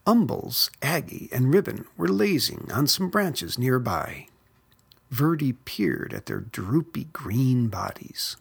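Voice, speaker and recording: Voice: medium pitch, gravelly, husky. A narrator reading a children's picture book aloud. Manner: expressive, unhurried. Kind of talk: storybook read-aloud.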